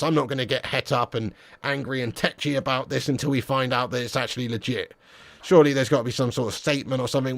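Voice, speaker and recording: A man hosting a football fan livestream, reading viewer comments with excitable, teasing banter. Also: medium pitch. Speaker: football fan channel streamer. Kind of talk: live stream chat, reading viewer comments.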